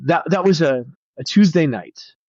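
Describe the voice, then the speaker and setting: A man's voice: fairly high pitch, expressive, normal speed, a little mellow, no room sound. A man who is a pastor, earnestly telling a personal story as a podcast guest, often restarting his sentences. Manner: earnest, reflective, many restarts. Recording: dull, slightly lo-fi, dry sound.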